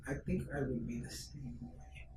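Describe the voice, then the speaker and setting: A man's voice: mid-range voice, moderate pace, mellow. A man hosting a podcast, chatting casually and telling self-deprecating stories. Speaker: podcast host. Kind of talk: casual chat. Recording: echoey room, distant mic, faint noise.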